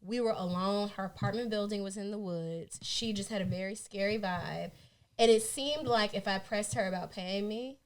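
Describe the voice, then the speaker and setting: A woman's voice: medium pitch, normal speed. Blunt, profane woman telling stories. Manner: blunt, profane storytelling with acted-out quotes. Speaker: podcast co-host. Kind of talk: casual chat.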